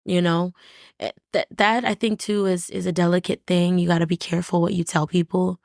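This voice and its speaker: A woman's voice: fairly low pitch, little pitch movement, brisk, vocal fry, a little mellow, no room sound, studio quality. A woman guest on a podcast, talking candidly and reflectively in short, restarting phrases. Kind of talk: candid conversational interview.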